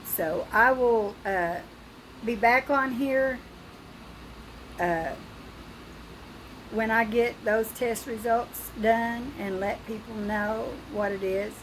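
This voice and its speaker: An older woman talking through a personal video diary, frightened and halting, with pauses and restarts. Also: a little high, a little hiss or hum, rough recording. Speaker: vlogger.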